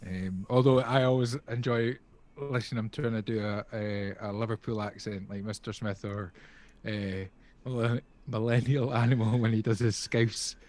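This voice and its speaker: A man's voice: on the low side, fairly even intonation, moderate pace, a little mellow. Rambling, jokey male podcast co-host. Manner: rambling, jokey, many fillers. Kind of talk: casual livestream chat.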